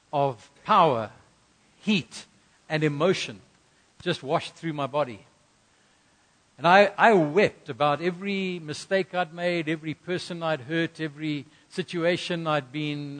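A middle-aged man preaching from the pulpit, his voice sitting a little higher than most men's. He tells his story earnestly and pushes certain phrases out with sudden emphasis. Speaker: pastor. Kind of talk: sermon.

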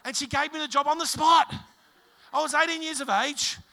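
Australian male pastor, middle-aged, high bright voice, emphatic storytelling sermon. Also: normal speed, creaky, long pauses. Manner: animated storytelling, emphatic, with many restarts.

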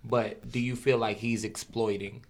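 A man co-hosting a casual podcast chat, thinking out loud and leaning on filler phrases. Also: fairly low pitch, level tone, unhurried. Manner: reflective, leans on filler phrases. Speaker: podcast co-host.

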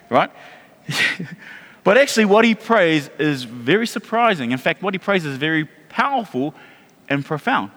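High-pitched guy preaching a sermon, lots of repeats and restarts, reverby hall sound. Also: normal speed. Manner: animated preaching with repetitions and restarts. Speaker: pastor.

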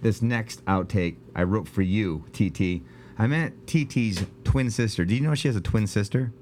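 Lower-pitched male comic host, rambling and jokey, recorded at home. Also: moderate pace, a little mellow, faint music behind. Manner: rambling, jokey, self-interrupting. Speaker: podcast host. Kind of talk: casual comedic chat. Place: home, indoors.

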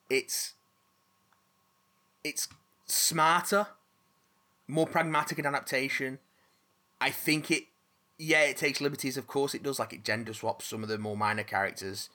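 A man's voice: mid-range voice, a little slow, long pauses, bright, forceful tone. A man hosting a casual chat, rambling with restarts and casual swearing.

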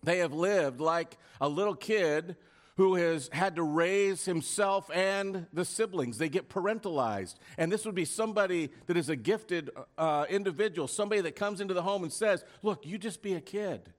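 A male pastor preaching a sermon in an emphatic style, posing rhetorical questions and at times dropping his voice to a hush. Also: high-pitched, moderate pace.

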